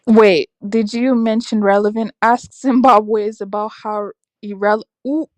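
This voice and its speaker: A young woman hosting a casual livestream, reacting aloud to her chat with lively, exclamatory talk. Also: mid-range voice, unhurried, no echo. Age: young adult. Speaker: livestream host reading chat. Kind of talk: casual live-stream chat.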